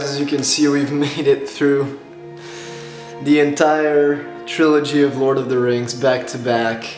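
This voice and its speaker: A man talking to his viewers in a casual reaction vlog, gushing and excitable, with nervous laughs and restarts, tired after staying up all night. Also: medium pitch. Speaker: YouTuber reacting to a film marathon. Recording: roomy echo with soft music behind.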